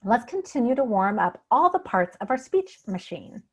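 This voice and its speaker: A woman leading a speech exercise lesson, demonstrating drills slowly and clearly and encouraging the listener. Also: fairly high pitch, big pitch swings. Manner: slow, clear, encouraging demonstration with drawn-out practice words. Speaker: speech therapy instructor.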